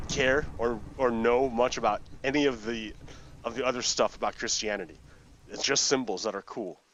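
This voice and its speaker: A man's voice: medium pitch, noisy background. Rambling man telling a story while gaming. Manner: rambling, halting, many restarts. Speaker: gaming video host. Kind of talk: casual storytelling while playing a game. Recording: dull lo-fi dry recording.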